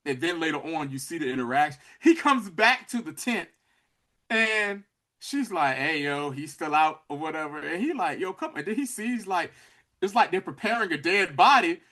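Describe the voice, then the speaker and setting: Guy hyped up retelling a show scene, bright voice, pitch bouncing all over. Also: moderate pace. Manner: animated storytelling, acts out characters' lines. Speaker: podcast co-host. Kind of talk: casual recap chat.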